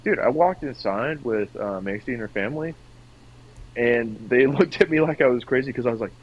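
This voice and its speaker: A man's voice: medium pitch, brisk, husky, dull audio. A young man from co-hosting a podcast, chatting casually and now and then slipping into silly put-on voices. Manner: animated, slips into silly put-on accents. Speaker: podcast co-host. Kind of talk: casual chat.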